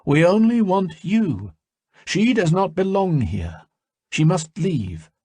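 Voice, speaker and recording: A man's voice: high voice, very animated, takes it slowly, a little mellow, slightly rough, no room sound, pitched above the performer's own voice, exaggerated voice. A man voicing the menacing, lonely spirit of a dead father in an audiobook, cold and possessive.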